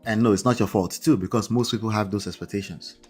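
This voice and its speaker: A man's voice: fairly low pitch, fairly even intonation, fast, darkish tone, husky, soft background music. A man with an accent, hosting a live marriage-coaching stream in a conversational way, often checking in with "right?" and "okay?". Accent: non-native English accent. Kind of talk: livestream talk.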